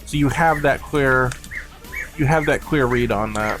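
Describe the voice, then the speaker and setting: A man's voice: medium pitch, unhurried, a bit bright, soft background music. A young man, a game developer on a live stream, explaining his design choices in a rambling, casual way full of fillers.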